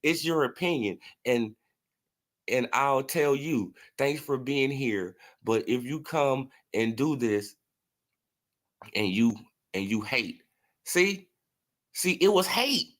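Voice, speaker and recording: A man's voice: medium pitch, animated, slow pace, pauses often. A man hosting a casual boxing commentary stream, talking in a mocking, profane way, laughing often and answering his chat. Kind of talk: casual livestream sports commentary.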